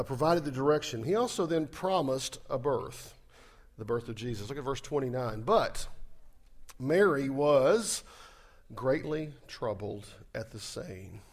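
Pastor preaching in a fairly high voice. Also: male voice. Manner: conversational preaching with sarcastic asides and shifts from loud to soft. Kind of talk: sermon.

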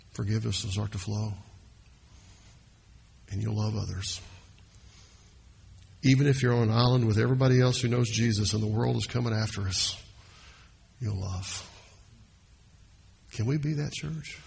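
A man preaching a sermon as pastor, swinging his pitch and loudness and slowing down to stress points. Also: fairly even intonation, gravelly, breathy edge.

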